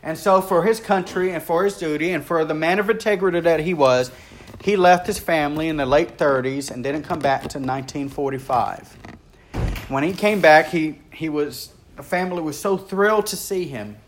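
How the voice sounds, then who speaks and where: A man preaching a sermon, telling a story earnestly and swinging between rising intensity and hushed, quiet stretches. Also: normal speed, a little hiss or hum. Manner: earnest, builds in intensity and then drops low and quiet.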